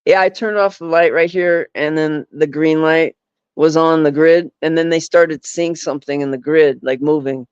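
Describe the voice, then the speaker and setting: Speaking at a normal pace with fairly even intonation, a man on the high side chats casually as a podcast guest, rambling and leaning on fillers like "like" and "you know." He's a paranormal investigator, and his clean tone comes through a dull, dry, lo-fi recording with no echo.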